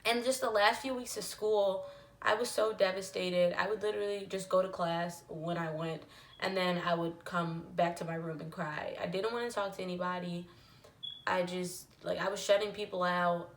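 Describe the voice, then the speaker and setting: A woman's voice: on the low side, steady tone, moderate pace, reverberant, slight background noise. A young woman telling a personal story to camera in a candid, emotional way, with lots of "like" and "literally". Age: young adult. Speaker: vlogger.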